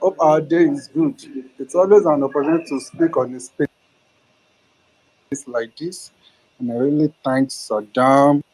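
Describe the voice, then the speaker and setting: Casting: man from Nigeria, slightly high voice, indignant rhetorical political speaker. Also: fairly even intonation, a little slow, darkish tone, poor audio. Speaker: caller in an online audio room. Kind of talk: political speech.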